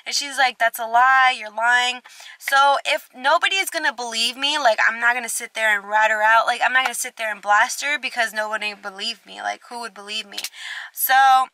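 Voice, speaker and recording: A woman's voice: on the high side, fairly quick, no echo. A young woman vlogger telling a storytime, swearing freely and acting out both sides of the conversations. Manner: expressive, swears a lot, acts out both sides. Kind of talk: storytime vlog.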